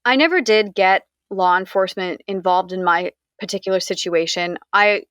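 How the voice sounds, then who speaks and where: A woman's voice: mid-range voice, moderate pace, a bit bright, clear, resonant tone, dry recording. Candid young woman recounting a story, dry sound. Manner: candid, conversational, frequent "like" fillers. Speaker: interviewee. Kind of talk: recounting a personal story in an interview.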